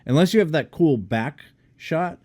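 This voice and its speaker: Male podcast co-host, easygoing, mid pitch, mellow warm tone. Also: expressive, moderate pace. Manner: easygoing, backchannels a lot. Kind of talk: casual chat.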